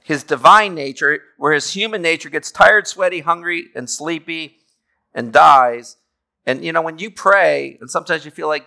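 Guy teaching a bible class, bright voice, talks to the room and keeps asking okay? right?. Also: fairly high pitch, moderate pace, creaky. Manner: conversational, checks in with "okay?" and "right?"; reads scripture aloud, then explains it plainly. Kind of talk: classroom theology lecture.

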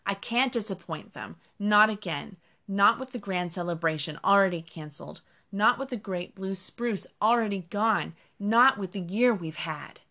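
Woman reading hurt male fox, strained and earnest, a touch gravelly. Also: lowish voice, measured pace, fairly bright tone. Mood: pleading, earnest. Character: weary, injured male fox mail carrier.

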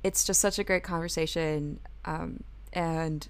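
A woman with a slightly low voice hosts a casual podcast interview. She rambles happily through asides and fillers before she gets to her questions. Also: steady tone, unhurried, loud music behind the voice. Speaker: podcast co-host.

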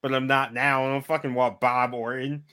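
Man, casual group chat, profane, laughing, bright tone, voice call. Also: medium pitch, flat delivery, moderate pace, clear, resonant tone. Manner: swears casually, laughs mid-sentence.

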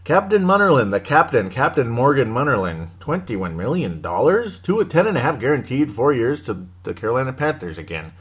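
A man's voice: mid-range voice, sing-song, fairly quick, few pauses, fairly bright tone, slightly rough. A man hosting a casual sports podcast on his own, rambling and joking and cutting himself off with little laughs. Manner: rambling, jokey, self-interrupting with laughs. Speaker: podcast host.

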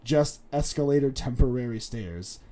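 A man's voice: mid-range voice, lively intonation, normal speed, very noisy. A man in a casual chat telling jokes, opening with hesitant ums before delivering the punchline.

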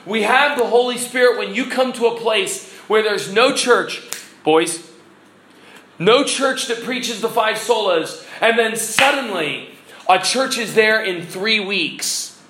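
Man preaching, high voice, slow deliberate delivery, earnest exhorting tone, echoey church, faint background hum. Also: bright, forceful tone. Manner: earnest, exhorting, asks the congregation questions. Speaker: pastor. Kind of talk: sermon.

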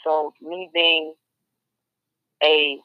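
A woman's voice: low-pitched, little pitch movement, drawn-out words, no room sound. A woman co-hosting a casual podcast chat, restarting sentences often and agreeing animatedly. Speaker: podcast co-host. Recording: dull lo-fi dry sound.

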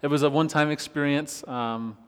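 A worship pastor telling a personal story in a relaxed, conversational sermon, laughing often as he talks. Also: on the high side, brisk, clear, resonant tone. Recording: long reverb of a church hall.

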